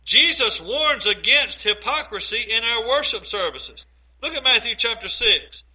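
A man preaching with a strikingly high, piercingly bright voice. He is middle-aged and delivers his sermon earnestly, pressing points home with emphatic rhetorical questions. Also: expressive, unhurried, slightly rough, rough recording.

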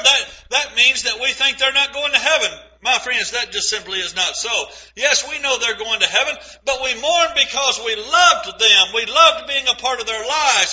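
Male preacher, very high bright voice, emphatic sermon delivery, dull lo-fi recording. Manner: earnest, emphatic preaching with slow stressed phrases and scripture readings.

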